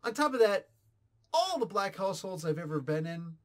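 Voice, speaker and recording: A man in his forties giving a casual, opinionated comic book review, animated and sarcastic. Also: high voice, moderate pace. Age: 40s. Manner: animated, ranting, sarcastic asides.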